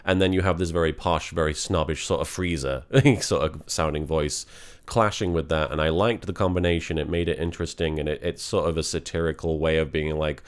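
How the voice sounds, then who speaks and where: A man talking candidly and reflectively in a confessional vlog, in a halting way. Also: rumbling low, smooth. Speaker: vlogger.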